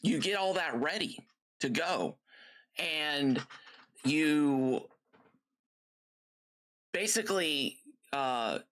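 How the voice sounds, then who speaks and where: A middle-aged man with a slightly high voice hosting a live stream in a loose, casual chat. He rambles from story to story, full of fillers. He walks viewers through things step by step in a friendly way. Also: lively intonation, very slow, pauses often, fairly bright tone. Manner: gives friendly step-by-step cooking tips to viewers. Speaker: gaming livestream host.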